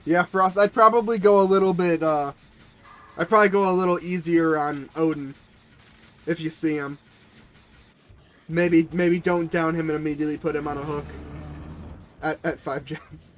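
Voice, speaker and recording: A man's voice: a little high, steady tone, moderate pace, pauses often, fairly bright tone. A man who is a little sick, chatting casually with viewers and players as he streams a game.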